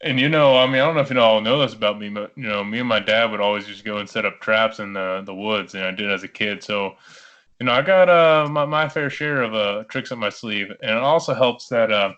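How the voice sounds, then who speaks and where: A man's voice: fairly low pitch, brisk, fairly bright tone, lo-fi sound. A man playing in a tabletop game, talking in a rambling way full of fillers. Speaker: player. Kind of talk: casual tabletop game talk.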